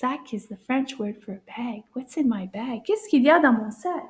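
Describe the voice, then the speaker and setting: A woman teaching children a beginner French lesson, cheerful and encouraging, repeating words slowly and clearly, with occasional hushed whispers. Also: on the high side, expressive, a little hiss or hum. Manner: drops into hushed whispers for surprises.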